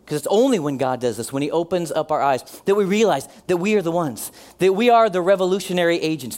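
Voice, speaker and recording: A man preaching a sermon as pastor, earnest, slowing down and dropping his voice for emphasis, and leading the congregation in responses. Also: a little high. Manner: leads the congregation in call-and-response.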